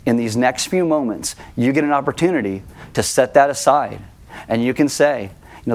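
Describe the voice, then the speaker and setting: Male pastor, mid-pitched, casual sermon delivery that slows for emphasis. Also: expressive. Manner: conversational, self-deprecating, slows for emphasis.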